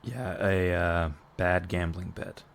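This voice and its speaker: A man's voice: low-pitched, takes it slowly, creaky. A man co-hosting a podcast in casual chat, prodding his partner with amused questions. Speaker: podcast co-host.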